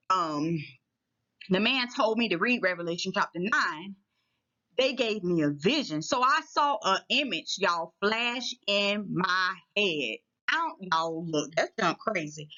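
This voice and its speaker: A woman's voice: a little high, big pitch swings, normal speed, pushed and bright, muffled recording. A woman telling a personal story to her viewers in a casual, chatty way, often checking in with them as she goes. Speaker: vlogger.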